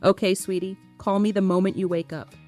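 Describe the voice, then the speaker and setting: Woman doing a worried nagging mom, overprotective, middle-aged, audiobook, soft guitar behind. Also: medium pitch, steady tone, fairly quick, close to an everyday voice.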